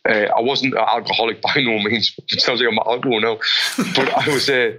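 A man, a boxing coach being interviewed, telling animated stories and often restarting his sentences. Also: mid-range voice, quick pace, low-quality recording. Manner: animated storyteller with many restarts. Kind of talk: interview conversation.

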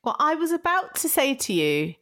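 A woman's voice: sits high, sing-song, normal speed, a bit bright. A woman co-hosting a podcast in casual chat, laughing often and acting out apologetic quotes. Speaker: podcast co-host.

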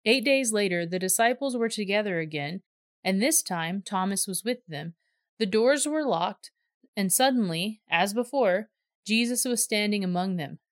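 A woman reading a scripture story aloud in steady, measured narration. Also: medium pitch, no room sound, studio quality. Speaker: reader.

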